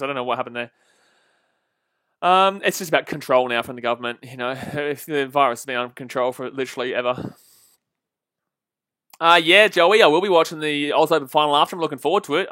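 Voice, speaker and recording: Excitable Australian man streaming football. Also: on the high side, dry recording, studio quality. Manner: excitable, blunt and opinionated. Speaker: live-stream host. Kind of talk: casual live match commentary and chat.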